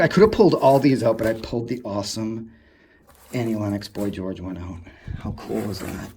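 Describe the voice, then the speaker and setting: A man, vlogging while exploring an abandoned asylum indoors, gushing excitedly, swearing and rambling to himself. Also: lowish voice, background noise. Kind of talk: casual explore vlog, talking to camera.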